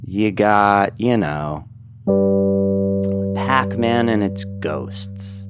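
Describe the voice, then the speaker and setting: A man improvising a comedic story in a rambling, halting way, with many fillers and frequent throat clearing. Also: fairly low pitch, expressive. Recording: loud guitar music behind. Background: guitar music.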